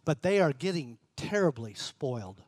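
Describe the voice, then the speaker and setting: A man reading the lines of a talkative, soft-hearted old grandmother in a story, with his voice slightly raised. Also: fairly high pitch, big pitch swings, moderate pace, no echo, clean studio sound. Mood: fretful.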